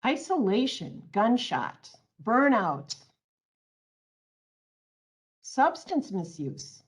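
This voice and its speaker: A woman's voice: a little high, very animated, extremely slow, husky. A woman presenting an online training webinar, reading out audience answers and then explaining her points earnestly, on a computer mic.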